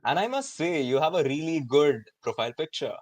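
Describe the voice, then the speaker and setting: A man in his twenties with an Indian English accent, hosting a live online student event in an energetic, chatty way with many fillers. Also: on the high side, brisk, a little hiss or hum. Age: 20s. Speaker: host.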